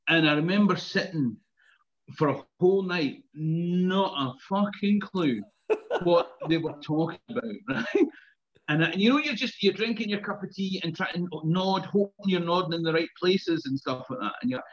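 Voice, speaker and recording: A man's voice: on the high side, normal speed, muffled recording. A Scottish man, around his fifties, telling chatty anecdotes in casual conversation, laughing and swearing now and then. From Scotland. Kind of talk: casual chat.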